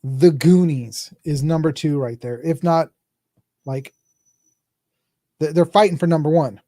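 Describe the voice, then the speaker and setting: A man in his forties hosts a podcast and rambles through movie talk, joking and restarting his sentences often. His voice sits a little on the high side. The recording is dry and close, with no room sound. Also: measured pace, warm tone, no echo. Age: 40s. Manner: rambling, jokey, with many restarts and asides. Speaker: podcast host. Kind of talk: casual movie chat.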